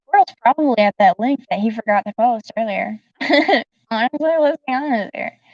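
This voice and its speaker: A woman's voice: on the high side, expressive, normal speed, dry recording. A woman from the American South chatting casually with her live-stream viewers, giggling often and talking straight to the chat. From Southern United States. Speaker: livestreamer. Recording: distant dull dry mic.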